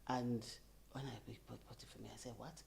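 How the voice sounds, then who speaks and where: A middle-aged woman telling a personal story in a group conversation, animated and laughing as she talks. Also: extremely low pitch, a little fast, creaky. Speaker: bereaved participant.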